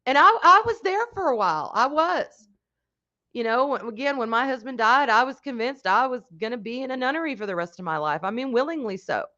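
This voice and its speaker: A woman chats frankly on a casual livestream, now and then breaking into loud, excited greetings for her viewers. Her voice sits a little high and sounds bright and tense. The audio is dull and lo-fi. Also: fairly quick. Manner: frank, swears casually, reads chat aloud. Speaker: livestream host chatting with viewers.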